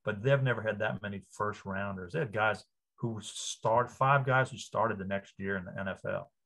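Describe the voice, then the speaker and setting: A man in his fifties from Louisiana, a sportswriter guest on an interview, telling stories with lively enthusiasm. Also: fairly low pitch. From New Orleans area, Louisiana. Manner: enthusiastic, animated storyteller. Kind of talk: casual interview.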